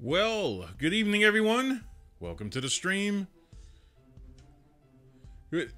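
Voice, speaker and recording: A man's voice: sits high, sing-song, slow, long pauses, a bit bright, faint music behind. A man hosting a livestream, commenting casually on news clips in a chatty way with plenty of fillers and restarts. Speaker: livestream host.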